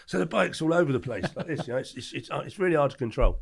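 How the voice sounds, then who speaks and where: An older Englishman with a gravelly voice tells his story at a quick clip. He talks casually in an interview and switches into the other people's voices as the story goes. He sounds lively and animated throughout. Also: a little high. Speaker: podcast guest, former doorman.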